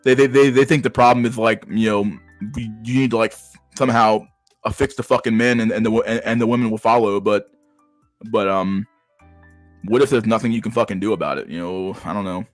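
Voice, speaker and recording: A man's voice: lowish voice, fairly even intonation, fairly quick, dry recording, faint music behind. A man streaming and reacting to chat messages in a blunt, profane way, often stumbling and repeating words. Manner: profane, blunt, restarts a lot. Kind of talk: casual livestream chat.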